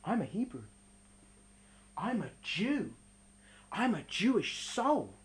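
A woman voicing the soul of a prophet, who speaks calmly and matter-of-factly. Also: sits high, fast talker. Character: calm, unbothered soul of a prophet.

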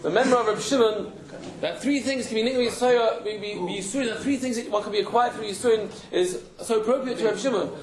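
High-voiced man teaching a Talmud class. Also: quick pace. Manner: emphatic, repeats words while searching for phrasing. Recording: roomy echo.

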